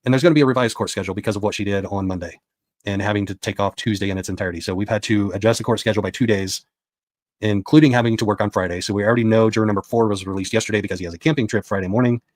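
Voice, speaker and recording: A man's voice: lowish voice, fairly even intonation, rapid-fire, no room sound. A man giving a casual spoken recap of a court session as a reporter, retelling what was said with quoted dialogue.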